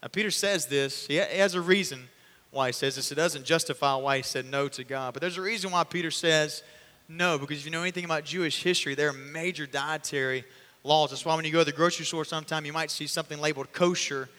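A man preaching a sermon, telling the story in an animated way and acting out the voices. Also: fairly high pitch, fast talker, in a large hall.

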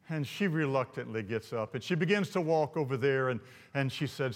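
A man preaching a sermon, telling a story in an animated, rambling way with frequent restarts. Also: mid-range voice, a little fast, long reverb tail. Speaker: pastor.

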